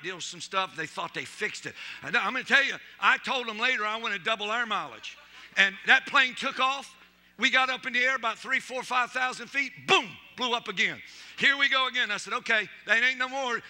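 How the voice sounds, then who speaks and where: Middle-aged male pastor, high voice, humorous storyteller who acts out the quotes. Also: pushed and bright. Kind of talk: sermon. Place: church.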